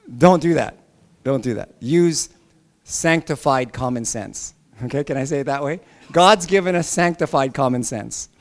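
A man's voice: a little high, creaky. A male pastor preaching a sermon with emphatic repeats and joking asides.

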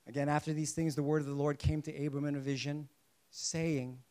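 A man preaching a sermon to a congregation in a lively way, asking them questions and joking along the way. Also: fairly high pitch, fairly quick. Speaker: pastor.

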